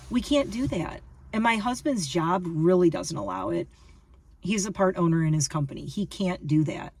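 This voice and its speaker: A woman's voice: on the low side, animated, moderate pace, breathy edge, recorded from a distance. A woman in her fifties talking casually to her viewers, emphatic and repetitive, often restarting her sentences. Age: 50s. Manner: emphatic, repeats herself, restarts. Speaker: lifestyle vlogger. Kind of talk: casual rambling monologue to camera.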